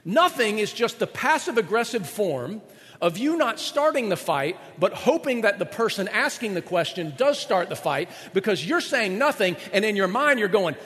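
A man preaching a sermon as a pastor, animated and joking, with quick asides to his listeners. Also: high voice, in a large hall.

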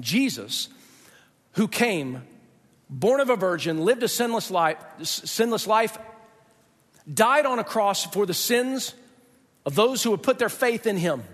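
A man preaches a sermon in an emphatic, conversational way and leans on dramatic pauses. His voice sits unusually high for a man. The sound carries a long reverb, as if it were recorded in a church sanctuary. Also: fairly bright tone. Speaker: pastor.

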